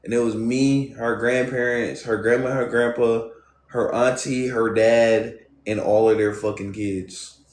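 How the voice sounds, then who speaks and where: A man's voice: medium pitch, fairly even intonation, unhurried, darkish tone. A young man streaming live, casually telling his viewers a personal story in loose, profane street slang and talking straight to them. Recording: roomy echo.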